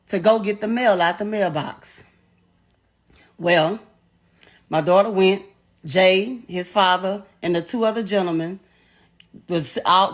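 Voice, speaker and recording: A middle-aged woman with a Southern US accent, telling a raw, profane and distressed personal account as a grieving mother. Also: mid-range voice. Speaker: mother of the deceased, interviewee.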